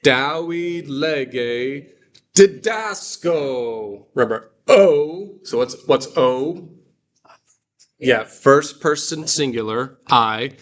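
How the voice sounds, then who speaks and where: A man teaching a guided reading class, explaining slowly and patiently with fillers and restarts. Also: mid-range voice, lively intonation. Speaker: Greek teacher.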